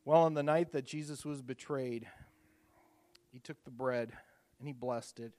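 A man preaching a communion sermon, telling the story casually with fillers, rising to loud emphatic peaks and dropping to hushed softness. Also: medium pitch, measured pace. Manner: casual, repeats words and uses fillers. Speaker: pastor leading communion.

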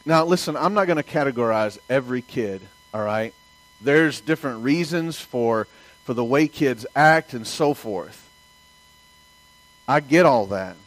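A man's voice: mid-range voice, rough recording. A man from the American South with a Southern accent, preaching a sermon in a folksy storytelling way and asking the congregation for amens. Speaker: pastor.

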